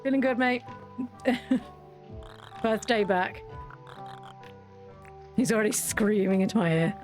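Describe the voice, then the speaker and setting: Female let's-play host, chatty and self-mocking, average pitch, faint music bed. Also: slow, a little mellow. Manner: rambling, self-mocking, giggly. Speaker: gaming streamer. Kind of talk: casual let's-play chat.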